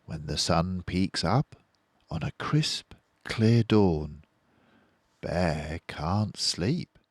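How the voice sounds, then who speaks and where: An older man reading a children's picture book aloud in a lively, rhythmic storyteller's way. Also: deep voice, drawn-out words, no room sound. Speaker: storybook reader.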